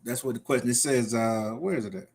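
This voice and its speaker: A man's voice: mid-range voice, fast, darkish tone. A man hosting a casual live stream, reading out viewer comments and laughing often. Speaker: livestream host.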